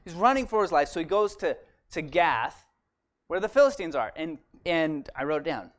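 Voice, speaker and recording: A man in a church, retelling a Bible story in a chatty, animated way and often asking "right?". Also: a little high, normal speed. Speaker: church speaker. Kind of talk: casual storytelling sermon.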